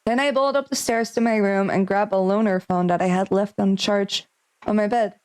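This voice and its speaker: A young woman streaming a visual novel, reading the game text aloud and thinking out loud between lines in a chatty, speculative way. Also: mid-range voice, fairly even intonation, moderate pace, clean tone, rough recording.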